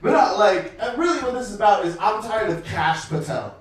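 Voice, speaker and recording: A man's voice: high voice, big pitch swings, a little fast, very echoey, recorded from a distance, heavy background noise. A man performing a stand-up comedy set in a club, talking casually with lots of fillers and asides. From United States. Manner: casual, rambling delivery with many fillers.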